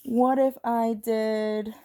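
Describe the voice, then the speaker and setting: A young woman teaching a recorded spelling lesson to third graders, playful and self-mocking, spelling words out slowly letter by letter. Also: fairly high pitch, flat delivery, warm tone, smooth.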